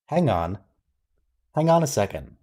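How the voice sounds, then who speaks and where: A man's voice: mid-range voice, sing-song, unhurried, darkish tone. A man hosting a watch-along, giving casual, wry, quizzical commentary and thinking aloud.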